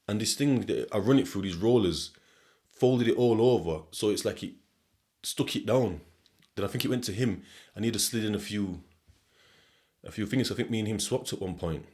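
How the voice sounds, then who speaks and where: A man's voice: on the low side, a little mellow. Rambling man with a Sheffield accent. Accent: Sheffield English. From England. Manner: rambling, swears freely, laughs often. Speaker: podcast host. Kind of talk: casual monologue.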